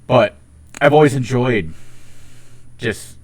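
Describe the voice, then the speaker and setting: A man's voice: medium pitch, slow. A young man from Ohio with a slight Northeastern US tinge, chatting casually on a podcast and rambling with lots of "like"s and restarts. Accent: Ohio with some Northeastern US traits. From Ohio, United States. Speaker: podcast co-host. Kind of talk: casual chat.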